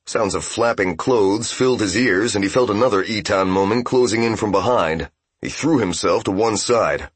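A man narrating a fantasy game novel as an audiobook, in steady, even storytelling. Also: fairly low pitch, husky, no room sound.

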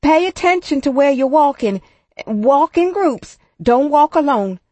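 A woman's voice: medium pitch, expressive, takes it slowly, warm tone, breathy edge, no echo. A woman voicing a frightened, nervous schoolteacher who gives quivering, breathless warnings. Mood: anxious.

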